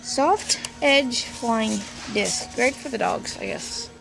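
A woman's voice: fairly high pitch, sing-song, slow, creaky, over music. A woman chatting casually as she walks through a big store, rambling with jokey asides into a handheld phone. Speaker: vlogger. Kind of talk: casual store walkthrough vlog. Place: big retail store, indoors. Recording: noisy store background.

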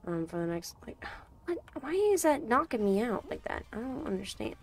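A woman's voice: on the high side, very animated, normal speed, vocal fry, slightly rough. A woman streaming a game, muttering to herself in casual chatter and breaking into sudden frustrated outbursts.

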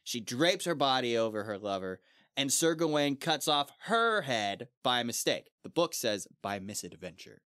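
A man's voice: mid-range voice, big pitch swings, normal speed, fairly bright tone, clean tone, no room sound, studio quality. A man casually retelling a story on a book club podcast, breaking into slang and archaic quotes.

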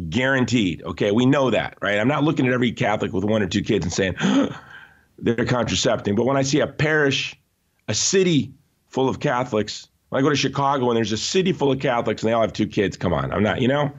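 A man being interviewed, telling stories in an animated, emphatic way with frequent restarts. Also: medium pitch, lo-fi sound. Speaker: interview guest. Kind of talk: conversational podcast interview.

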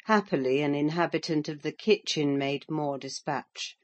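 An audiobook narrator reading a classic novel in a measured, formal storytelling manner. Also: medium pitch.

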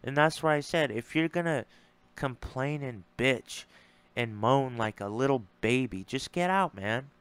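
Annoyed guy venting, blunt and cussing, smooth clean voice, dry close sound. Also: mid-range voice, animated, unhurried, a bit bright, no echo. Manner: frustrated, blunt and profane, repeats words. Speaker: streamer responding to a debate. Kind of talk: casual ranting monologue.

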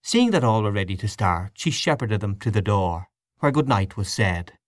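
Low male narrator voice, lots of melody, dry close mic, reading a classic story. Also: very animated, normal speed, no echo. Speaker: audiobook narrator. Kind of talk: scripted literary narration.

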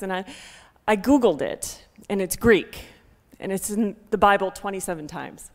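A woman giving an emotional church testimony into a microphone. She is heartfelt, laughs often and speaks loudly. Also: mid-range voice, normal speed. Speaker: guest speaker sharing a ministry testimony. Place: church sanctuary. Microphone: handheld microphone. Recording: long reverb of a church hall.

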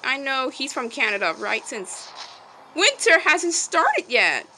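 High, lively woman chatting while gaming. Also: slow pace, slight background noise, rough recording. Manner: chatty, talks to game animals like pets; lively exclamations. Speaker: streamer. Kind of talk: casual game commentary.

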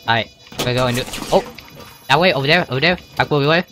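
A man playing an online shooter with friends, shouting callouts and laughing a lot. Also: mid-range voice, fast talker, music in the background. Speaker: teammate. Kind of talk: casual gaming banter with friends.

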